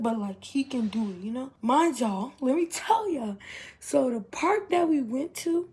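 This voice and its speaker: A woman's voice: sits high, darkish tone. A young woman telling a rambling storytime vlog, talking to viewers as y'all and circling back over her own words. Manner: chatty, addresses viewers as y'all, rambling with restarts. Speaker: vlogger. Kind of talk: casual storytime.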